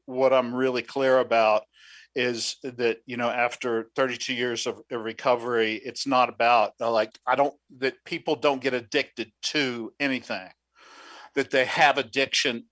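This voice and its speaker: A man's voice: mid-range voice, level tone, a bit bright, no echo. A middle-aged man from Southern West Virginia with a drawling accent, a psychologist talking casually as a guest in an interview. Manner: drawn-out vowels, laughs easily.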